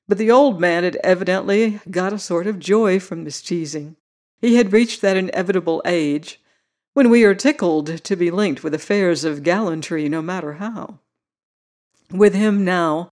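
A narrator reading a first-person story in a measured, literary way. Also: medium pitch, darkish tone. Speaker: audiobook narrator.

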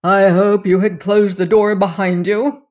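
A narrator voicing a stern, grim gentleman who speaks curtly and snappishly in an audiobook mystery. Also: sits high, moderate pace, lightly acted. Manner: curt, snappish. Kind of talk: audiobook reading of a mystery novel.

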